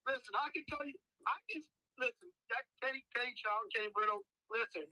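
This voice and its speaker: A man's voice: extremely high pitch, fast, dry recording, low-quality recording. A man, telling stories on a podcast as a guest and acting out the voices of the people in them. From United States. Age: 50s. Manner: animated, acts out voices in his stories. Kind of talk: casual storytelling.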